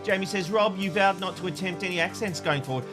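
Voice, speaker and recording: A man's voice: high-pitched, quick pace, over music. An Australian man co-hosting a casual panel chat, reading out viewer comments with a playful manner and frequent laughs. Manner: playful, laughs often, restarts lines. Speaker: co-host reading viewer feedback.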